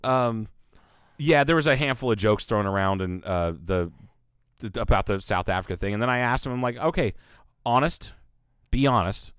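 A man co-hosting a podcast tells stories in casual chat, swearing freely and acting out quoted voices. His voice is on the low side, brisk, fairly bright, clear, and resonant, captured in a dry, clean studio recording.

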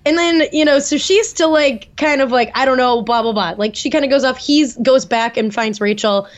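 In a high-sitting voice at a moderate pace, a young podcast co-host recaps events in a casual chat, bringing quotes to life and swearing a bit. The sound is dull and lo-fi.

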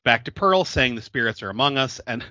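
A man's voice: medium pitch, animated, brisk, sharp tone, no echo, dull audio. A man co-hosting a podcast, recapping a film in casual chat, laughing often and filling his talk with "like". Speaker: podcast co-host.

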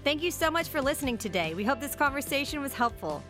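A woman reading a scripted podcast outro in a friendly, smooth way. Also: high voice, sing-song, fast talker. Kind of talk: scripted announcement. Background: faint music.

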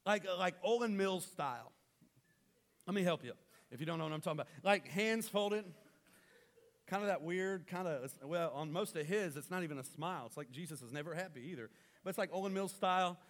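A man preaching a sermon as pastor, swinging between loud rallying calls and quiet, intimate stretches. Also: high voice, animated, brisk.

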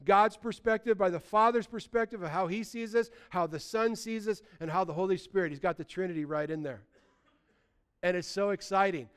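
High-voiced pastor in his sixties preaching. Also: fairly quick, clear, resonant tone. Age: 60s. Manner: animated, swings between loud bursts and quiet asides. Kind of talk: sermon.

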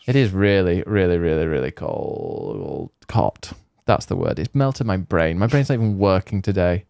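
Jokey low-voiced male podcast host. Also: expressive, brisk, a little mellow, no echo, clean studio sound. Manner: jokey, rambling, self-mocking. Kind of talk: casual banter.

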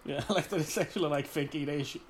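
A man in casual chat, reacting excitedly and swearing a lot while reading a comic with a friend. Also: fairly high pitch, fast, slight background noise. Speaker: co-host reading a fan comic.

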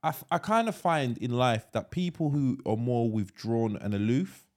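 A man's voice: mid-range voice, expressive, moderate pace, darkish tone. A man co-hosting a podcast in casual chat, rambling and restarting his sentences, with a lot of slang. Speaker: podcast co-host.

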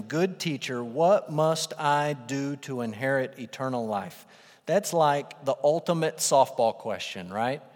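A man preaching to a congregation, mostly chatty and direct but surging loud when he drives a point home. His mid-pitched voice rings out with a long reverb tail from a large hall. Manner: conversational, emphatic, rising to loud bursts for quoted lines. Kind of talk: sermon.

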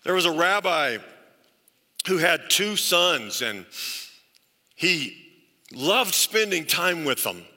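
A man's voice: fairly high pitch, very animated, takes it slowly, pauses often, pushed and bright, in a large hall. A male pastor preaching a sermon, telling stories earnestly and stressing points through repetition. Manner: earnest storytelling with emphatic repetition.

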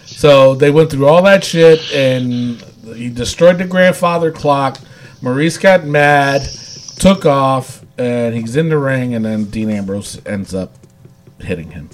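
A man's voice: mid-range voice, unhurried. A man casually recapping wrestling episodes on a podcast, rambling with lots of fillers and frequent laughs. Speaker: podcast co-host.

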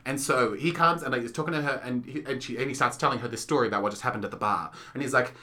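A man's voice: mid-range voice, rapid-fire, few pauses. A man co-hosting a casual podcast, chatty and giggly as he tells stories about theatre shows. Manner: chatty storyteller, giggly, lively. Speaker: podcast co-host. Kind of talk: casual chat reviewing theatre.

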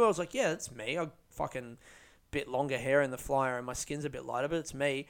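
Young man, comedian, casual monologue, sweary, animated, clear resonant voice. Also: on the high side, brisk. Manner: ranting, swearing, animated storytelling. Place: outdoors under a tree.

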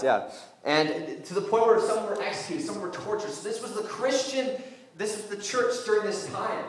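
A man giving an informal, joking sermon to young people as a youth pastor, in a lively conversational way. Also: sits high, recorded from a distance. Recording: very echoey room.

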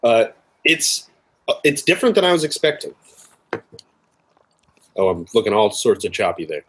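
A man's voice: on the low side, very animated, normal speed, breathy edge. A man co-hosting a casual tasting chat over a video call, explaining things hesitantly with lots of fillers. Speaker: co-host of a drinks tasting show.

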